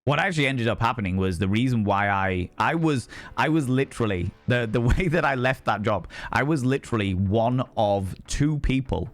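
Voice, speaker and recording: A man in his thirties talking casually on a live stream, candid and profane, rambling and breaking into animated outbursts. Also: mid-range voice, normal speed, few pauses.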